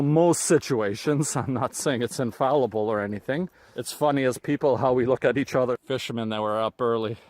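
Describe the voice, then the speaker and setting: With a Canadian accent and a medium-pitched voice, a man hiking a lakeside trail chats casually to a handheld camera, chuckling often. The recording is dry.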